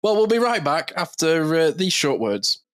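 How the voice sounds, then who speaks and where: A man's voice: a little high, big pitch swings, moderate pace, fairly bright tone, faint music behind. A man hosting a podcast in casual chat, talking loosely, swearing freely and laughing often. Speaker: podcast host.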